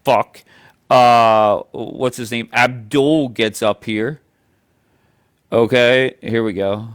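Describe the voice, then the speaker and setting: A man's voice: mid-range voice, fairly even intonation, slow pace, clear, resonant tone. A man hosting a livestream, arguing heatedly, swearing a lot and talking over his guest. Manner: profane, combative, talks over others. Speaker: livestream host.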